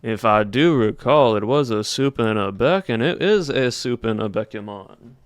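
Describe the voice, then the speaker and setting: Man, Southern US accent, casual stream chatter, thinking aloud, smooth resonant tone. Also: medium pitch, lively intonation, normal speed, dry recording, studio quality. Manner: chatty, thinking aloud while polling chat. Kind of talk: casual livestream chat with viewers.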